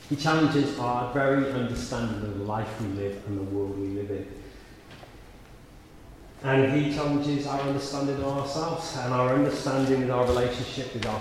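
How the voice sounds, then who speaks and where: A man's voice: medium pitch, darkish tone, slight background noise. A man preaching a sermon, his voice filling a very echoey church with a long reverb tail. He talks in a conversational way, then pushes to sudden emphatic peaks. Faint room ambience sits underneath.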